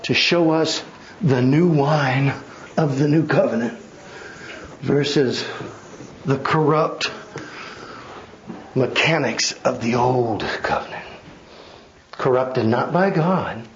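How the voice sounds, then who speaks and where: A man's voice: medium pitch, slow pace, long pauses, dull audio, a little hiss or hum. A male pastor giving a Bible study sermon, emphatic and conversational, with wry asides to his congregation. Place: church.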